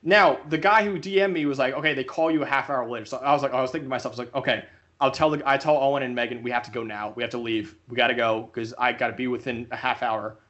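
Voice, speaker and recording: This young co-host's medium-pitched voice comes through with the highs cut off as he tells a podcast story fast and casually. He gets animated, doing impressions of the people he quotes.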